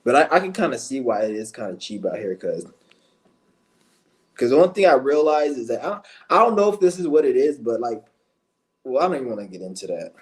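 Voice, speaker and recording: A man's voice: mid-range voice, big pitch swings, brisk. Profane, ranting male vlogger. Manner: blunt, profane, heated ranting. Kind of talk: casual rant to camera.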